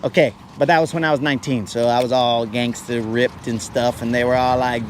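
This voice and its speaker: A man's voice: mid-range voice, steady tone, fairly quick, hardly any pauses, slight background noise. A man telling a funny story in a casual, self-mocking way, acting out the voices of the people in it. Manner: joking, self-mocking, acts out quoted voices. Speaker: podcast host. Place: outdoors, fishing from a kayak.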